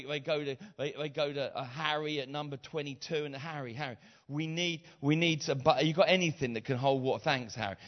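A middle-aged man preaching a sermon, retelling a story with acted voices, repeated phrases and rising shouts. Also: fairly high pitch. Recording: slightly dull lo-fi sound.

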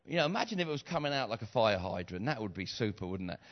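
Man, middle-aged, preacher, animated sermon storytelling, repeats phrases, dull lo-fi sound. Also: fairly low pitch, fast. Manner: animated storyteller acting out voices, repeats phrases, builds to shouts.

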